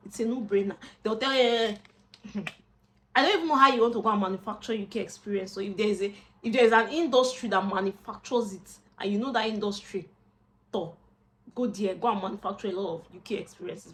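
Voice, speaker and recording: A young woman with a Nigerian accent, chatting casually to camera as a vlogger and job seeker, expressive and slipping into Pidgin asides. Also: medium pitch, a little fast.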